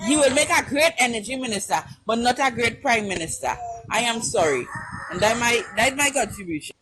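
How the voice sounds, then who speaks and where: A woman's voice: a little high, brisk, a bit bright, a little hiss or hum, low-quality recording. A woman with a Trinidadian accent, speaking as a caller on a live-stream panel. She talks in an impassioned, emphatic way, repeats her points and keeps asking whether you understand.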